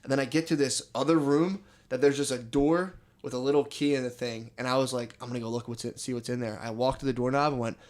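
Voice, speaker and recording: A man's voice: mid-range voice, steady tone, quick pace, few pauses, a little mellow. A young man co-hosting a comedy podcast, telling rambling, swear-filled stories and saying dude constantly. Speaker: podcast co-host. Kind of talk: casual comedy podcast chat.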